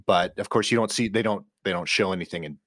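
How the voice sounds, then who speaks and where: Man, deep voice, podcast co-host, rambling, self-correcting, dry close sound. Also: fast talker, a bit bright, dry recording. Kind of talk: casual chat.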